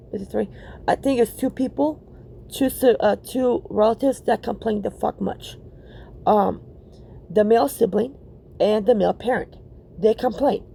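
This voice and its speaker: A woman's voice: a little high, creaky, dark tone, slight background noise. A woman hosting a reaction video, ranting bluntly and profanely and repeating herself for emphasis.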